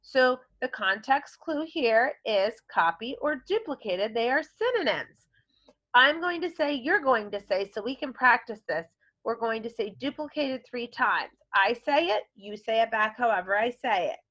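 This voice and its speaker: A woman's voice: fairly high pitch, animated, moderate pace, a bit bright, muffled recording. A woman teaching a recorded vocabulary lesson to children, encouraging them and modeling words in playful voices. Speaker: elementary school teacher.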